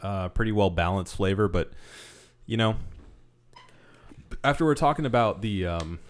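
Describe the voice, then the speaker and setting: A man co-hosting a podcast in casual chat, low-key and agreeable, mostly giving short replies. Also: expressive, normal speed, a little hiss or hum. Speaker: podcast co-host.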